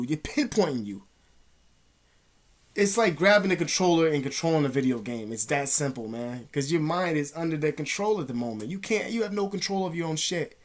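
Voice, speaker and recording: A man vlogging in a rambling, profane, animated storytelling monologue. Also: on the high side, fairly quick. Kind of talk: casual monologue.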